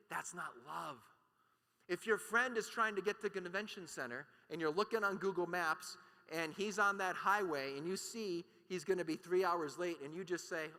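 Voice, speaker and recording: A man's voice: sits high, lively intonation, a little fast, pushed and bright. A man giving an impassioned keynote talk at a conference, emphatic and full of rhetorical questions. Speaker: conference speaker. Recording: long hall reverb.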